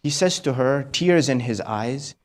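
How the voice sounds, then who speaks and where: A man delivering a mourning sermon, telling the story softly and often prompting his listeners with a questioning "hmm?", at times rising to loud peaks. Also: medium pitch, expressive, unhurried. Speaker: preacher.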